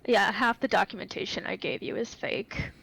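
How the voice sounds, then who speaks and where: A woman's voice: medium pitch, steady tone, normal speed, vocal fry, a bit bright, breathy edge, poor audio. A woman taking part as a player in a tabletop role-playing game, speaking in a matter-of-fact way.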